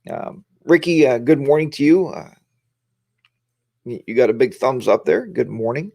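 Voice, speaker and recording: A man's voice: medium pitch, animated, moderate pace, gravelly, mellow, dry recording, clean studio sound. A tired middle-aged man hosting a casual live stream, rambling and greeting viewers by name.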